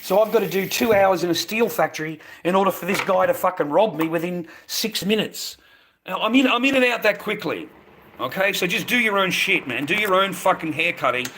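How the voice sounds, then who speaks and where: A man's voice: high voice, a little fast, few pauses, a bit bright, a little hiss or hum. An Australian man in his fifties ranting bluntly on a live stream, swearing heavily and repeating himself. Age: 50s. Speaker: livestreamer. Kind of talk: profane angry rant to a live stream.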